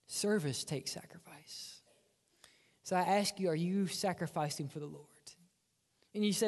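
A man's voice: sits high, animated, normal speed, a little mellow, long reverb tail. A man preaching a sermon as pastor, dramatic and often dropping to a whisper for emphasis. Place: church sanctuary.

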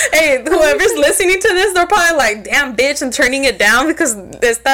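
High-pitched young woman, casual podcast chat, lively storytelling, swearing, bits of Spanish. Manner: animated, swears a lot, mixes in Spanish. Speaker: podcast co-host.

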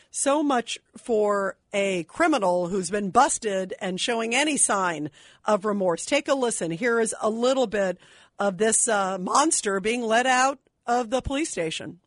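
A woman's voice: a little high, a little slow, no room sound. A woman hosting a talk radio show, indignant and emphatic as she takes calls. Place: radio studio.

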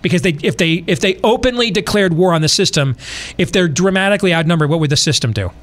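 A man with a fairly high voice hosts a podcast and talks in a lively, animated way. He circles back over his own phrases and builds each point through sports and battle analogies. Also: fast. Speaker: podcast host. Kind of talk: casual podcast talk.

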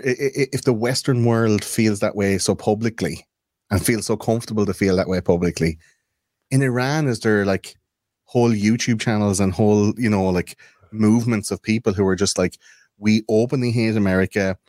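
A young man on a podcast, rambling and swearing as he hunts for the right word. His voice sits on the low side. The sound is close and dry, with no room around it. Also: moderate pace, darkish tone, no room sound. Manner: rambling, swears freely, searches for words. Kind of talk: casual chat.

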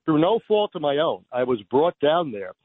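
A man's voice: a little high, sing-song, moderate pace, no room sound. Rambling male caller on a tinny phone line. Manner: rambling, friendly, full of fillers. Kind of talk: phoned-in radio call.

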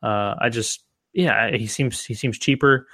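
Male podcast co-host, casual rambling delivery, middle pitch, dry close mic. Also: a little slow, sharp tone, dry recording. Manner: rambling, many restarts and fillers. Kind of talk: casual fantasy football discussion.

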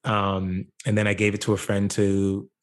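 A man born in Jamaica speaks as a guest on an interview podcast, his voice sitting fairly low. He talks in a relaxed, reflective way and often pauses on "like" and "you know.". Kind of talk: casual interview conversation.

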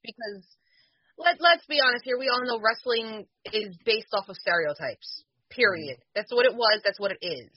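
A woman's voice: fairly high pitch, expressive, normal speed, husky, no echo, dull audio. A woman who used to wrestle, talking bluntly on a casual podcast. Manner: blunt, argumentative. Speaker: former wrestler, podcast co-host.

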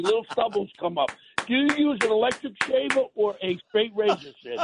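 A man's voice: extremely high pitch, expressive, a little fast, creaky, very noisy. A man, calling in as a regular guest and ranting bluntly on talk radio. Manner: blunt, insulting, heated. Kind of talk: brash talk radio rant. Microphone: phone line. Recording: tinny dry phone line.

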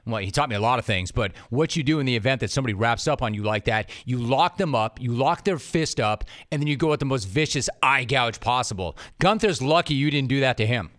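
A man's voice: mid-range voice, animated, quick pace, hardly any pauses, a bit bright, no echo, studio quality. A man from the San Fernando Valley hosting a casual interview podcast, telling self-deprecating stories with enthusiasm. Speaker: podcast host.

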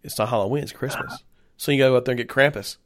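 A man co-hosting a sports podcast, talking in an animated, casual way and laughing easily. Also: medium pitch, racing. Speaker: podcast co-host.

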